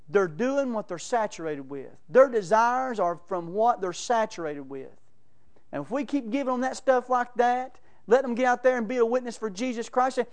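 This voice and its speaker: A man's voice: extremely high pitch, animated, moderate pace. A man preaching a sermon, telling folksy stories and laughing between them. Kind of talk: sermon with storytelling.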